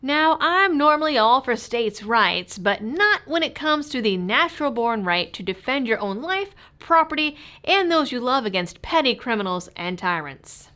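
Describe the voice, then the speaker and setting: A woman's voice: a little high, very animated, normal speed, hardly any pauses, bright, forceful tone. A woman hosting her own channel, giving sarcastic, mocking scripted commentary to camera. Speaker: political commentary host.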